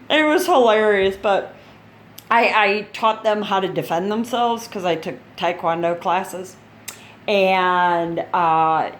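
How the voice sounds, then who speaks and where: An older woman from Chicago who hosts a gaming channel chats casually in a video update. Her mid-range voice carries a little hiss or hum, and she rambles, speaks bluntly, and laughs at her own stories.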